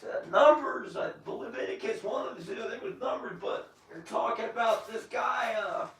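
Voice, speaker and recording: A man delivering a rambling religious monologue. He swings from shouting to muttering and corrects himself as he tells the story. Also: extremely high pitch, lively intonation, normal speed, creaky.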